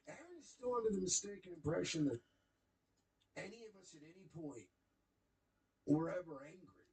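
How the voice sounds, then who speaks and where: A man hosting a stream, talking in a sarcastic, animated way about someone he mocks. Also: high-pitched, moderate pace, pauses often, rough recording. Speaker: stream host. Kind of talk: mocking casual commentary.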